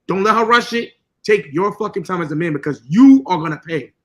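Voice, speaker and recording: A man's voice: sits high, lively intonation, brisk, fairly bright tone, low-quality recording. A man co-hosting a podcast, talking casually in a blunt, profane, lecturing way. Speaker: podcast co-host.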